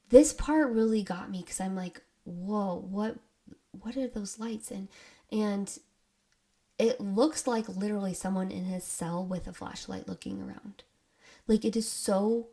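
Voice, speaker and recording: A woman hosting a podcast, retelling ghost-hunting stories in a casual, excitable way with frequent laughs. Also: medium pitch. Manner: excitable, giggly, says "creepy" a lot. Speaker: podcast host.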